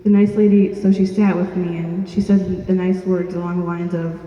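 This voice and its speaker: Young woman, earnest storyteller, flat delivery; dull, distant recording with heavy room echo. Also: on the low side, normal speed, few pauses. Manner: earnest, plain-spoken, with small restarts. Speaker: speaker telling her own story. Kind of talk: personal storytelling to an audience. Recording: distant, dull-sounding mic in an echoey hall.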